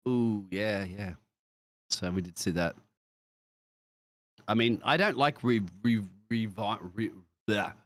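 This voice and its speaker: An Australian man commenting on a sim racing broadcast, joking and laughing often, with excitable jumps in pitch. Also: slow, pauses often, dry recording, studio quality. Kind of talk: live race commentary banter.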